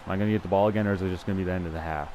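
A man's voice: low-pitched, fairly even intonation, rapid-fire, lo-fi sound, a little hiss or hum. A young man giving casual, chatty commentary over his own football video game, thinking aloud and poking fun at his own play. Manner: chatty, self-deprecating, thinks aloud with restarts. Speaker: gameplay commentator. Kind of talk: casual live gameplay commentary.

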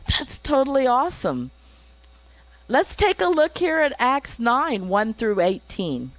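A woman's voice: high voice, sing-song, takes it slowly, no room sound, low-quality recording. A woman pastor teaching a Bible lesson, reading scripture aloud and breaking off for chatty asides and chuckles.

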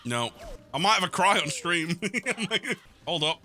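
A man streaming a game with friends, loud and sweary, shouting in frustration. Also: fairly high pitch, expressive, unhurried, soft background music. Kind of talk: live gaming stream banter.

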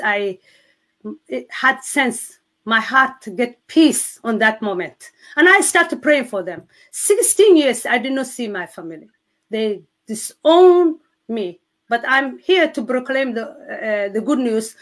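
A woman with a Somali accent earnestly telling her faith testimony, halting and restarting often. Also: fairly high pitch, expressive, fairly bright tone. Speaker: guest sharing testimony. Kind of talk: emotional personal testimony.

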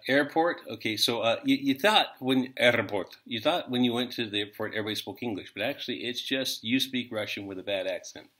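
A man's voice: on the low side, bright, forceful tone. A middle-aged American man giving a casual, rambling language lesson with jokes and many fillers. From United States. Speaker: language teacher.

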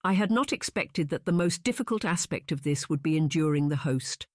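A narrator voicing an earnest young lady with a raised, bright voice, sounding close and dry. She is gentle but quick to protest, read as an audiobook character. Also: mid-range voice, lively intonation, dry recording, lightly acted.

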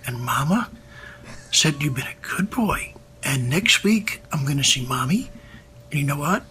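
A man talking softly to his cat in cooing, singsong baby talk, on a tape played on air. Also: fairly high pitch, lively intonation, unhurried, slight background noise. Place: home recording played on air.

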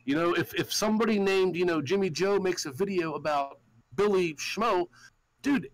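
A man's voice: high-pitched, moderate pace, low-quality recording. A man hosting a podcast, ranting in a heated, profane, storytelling way. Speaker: show host. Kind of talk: casual podcast rant.

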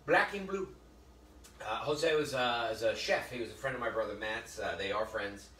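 A chatty male chef talks viewers through a live cooking demo, joking and calling them folks as he goes. His voice sits at a middle pitch, picked up from a distance in a roomy, echoing space. A faint hiss of noise runs underneath. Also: moderate pace, sharp tone. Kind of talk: live cooking demonstration with storytelling. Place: kitchen or library demo room.

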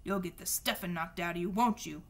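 A woman's voice: on the low side, fairly quick. A woman reading the lines of a bullying, heavyset middle-aged uncle, snarling and blustering. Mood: gruff, blustering.

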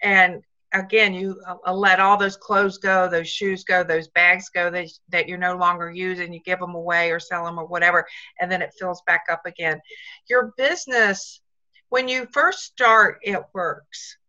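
A woman's voice: lowish voice, fairly even intonation, moderate pace, sharp tone, highs cut off. A woman team leader giving upbeat, repetitive motivational coaching on a video call.

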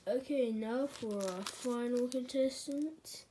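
A woman's voice: high-pitched, slow, mellow, slight background noise. A woman hosting a playful plush toy sour challenge, announcing each contestant.

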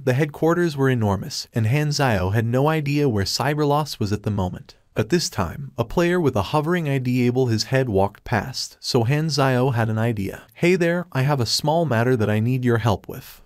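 A man reading a scripted story recap in an even, steady way. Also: mid-range voice, no room sound, studio quality. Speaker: recap narrator.

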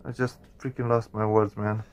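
A man's voice: fairly low pitch, flat delivery, normal speed, clear, resonant tone. A man hosting a gaming channel, reacting to a horror game with jumpy, swearing commentary addressed to his viewers.

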